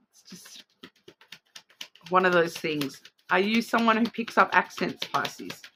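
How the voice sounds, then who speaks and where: A woman's voice: a little high, very animated, slow pace, pauses often, bright, forceful tone, slight background noise. A woman with an Australian accent giving a casual spoken card reading, chatty and rambling, often checking in with the listener. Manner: chatty, rambling, keeps checking in with "all right?". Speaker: card reader.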